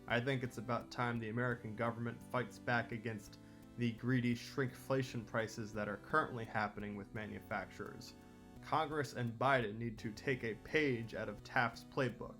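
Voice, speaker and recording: A man's voice: medium pitch, fairly bright tone. A man hosting a history channel, narrating scripted commentary with opinionated, wry asides.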